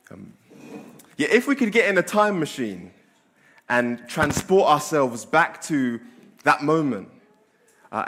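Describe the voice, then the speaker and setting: A man's voice: a little high, a bit bright. A man, a pastor, reading scripture aloud and then preaching casually with fillers and restarts. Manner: conversational preaching with fillers and self-corrections. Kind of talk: sermon with scripture reading and prayer.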